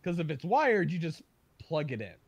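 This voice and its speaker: A man chatting casually on a livestream, telling stories with loud bursts of emphasis and laughter. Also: a little high, big pitch swings, normal speed, vocal fry, slightly rough.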